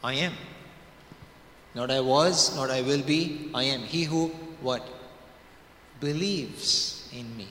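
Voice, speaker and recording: A male preacher delivers his sermon with a bright, forceful voice. He leans hard on key words, stretching them out and repeating lines for weight. The sound rings in a large hall with long reverb and a faint hum of ambience. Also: mid-range voice, takes it slowly, long pauses. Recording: echoey hall.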